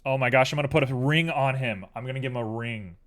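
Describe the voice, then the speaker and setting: A man's voice: mid-range voice, quick pace, fairly bright tone. A tired man chatting casually and rambling drowsily on a live stream while he works on a 3D model at his computer.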